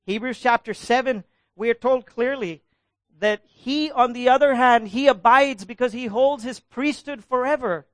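Animated preacher. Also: male voice, very high voice, normal speed, dry recording, studio quality. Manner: animated, asks the congregation questions and calls for answers. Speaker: pastor. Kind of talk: sermon.

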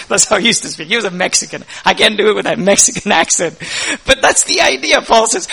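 Middle-aged male pastor, high bright voice, energetic sermon delivery. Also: fast, creaky, breathy edge. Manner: energetic preaching with rising emphasis and quoted scripture.

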